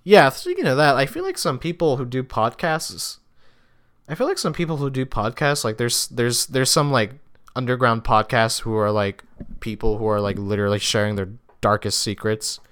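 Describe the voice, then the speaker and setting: A man's voice: medium pitch, expressive, moderate pace, a bit bright. A young man hosting a solo podcast, rambling casually with lots of swearing, restarts and fillers. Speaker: podcast host. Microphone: podcast microphone.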